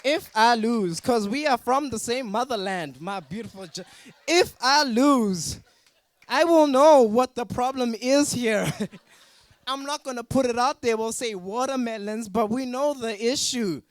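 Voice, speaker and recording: A man from Africa performs a stand-up set with a high, light voice. His delivery is playful and teasing, swinging into mock outrage at the crowd and judges. The sound is close and dry. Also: a little slow, no echo. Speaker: stand-up comedian. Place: student talent show stage.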